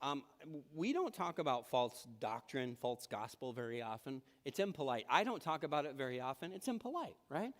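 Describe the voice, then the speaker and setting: A man's voice: medium pitch, normal speed, hardly any pauses. Preacher guy telling stories in church, does little voices, echoey big room. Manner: lively storytelling, acts out quoted voices. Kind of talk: sermon. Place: church sanctuary.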